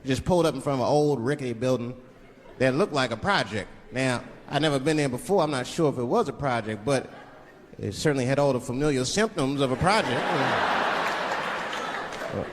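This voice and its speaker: Animated comedian in a big echoing hall. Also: male voice, mid-range voice, a little fast, slight background noise. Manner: animated storytelling with sudden voice impressions. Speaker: stand-up comedian. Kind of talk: stand-up comedy routine. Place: large theater stage. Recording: live show in a reverberant hall with crowd laughter. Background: audience laughing.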